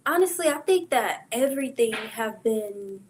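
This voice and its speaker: Higher-voiced woman, measured and thoughtful. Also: lively intonation, a little hiss or hum. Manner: measured, thoughtful, hesitant fillers. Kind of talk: casual talk-show chat.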